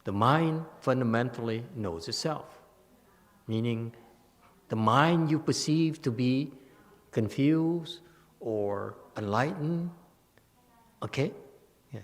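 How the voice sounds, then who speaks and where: A man with a Vietnamese-accented English giving a Buddhist retreat lecture, halting and repeating words, often checking with "okay?". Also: medium pitch, animated. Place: temple hall. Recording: long reverb of a hall.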